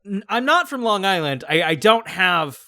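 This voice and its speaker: A man's voice: sits high, very animated, moderate pace, bright, forceful tone, dry recording, studio quality. A man chatting casually as a guest on an art show, laughing often as he talks. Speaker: guest prompt-giver. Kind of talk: casual chat.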